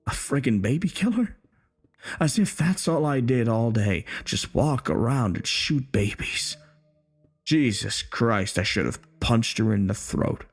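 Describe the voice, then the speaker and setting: A man voicing a bitter, crude, hostile older male war veteran who talks slowly, menacingly and profanely. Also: medium pitch, animated, slightly rough, faint music behind.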